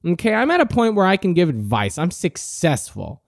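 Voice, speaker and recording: Young guy, late teens, brash and cocky, swearing rant, pitch leaps all over, dry close sound. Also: huge pitch swings, brisk, gravelly, no room sound. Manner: brash, profane and mock-arrogant. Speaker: podcast host. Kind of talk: comic ranting monologue.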